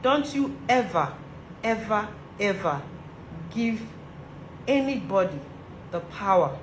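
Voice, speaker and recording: A woman vlogger with a Nigerian accent gives other women a motivational talk, speaking earnestly and repeating her urgings for emphasis. Her mid-range voice is animated but slow. The recording is rough, with a roomy sound and a little hiss or hum.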